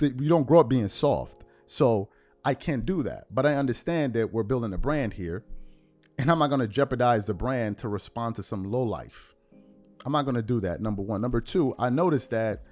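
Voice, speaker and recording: A man's voice: mid-range voice, darkish tone. Indignant Bronx man ranting. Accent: New York (Bronx). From United States. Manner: emphatic, repetitive, rising to indignant outbursts. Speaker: show host. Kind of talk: heated commentary monologue.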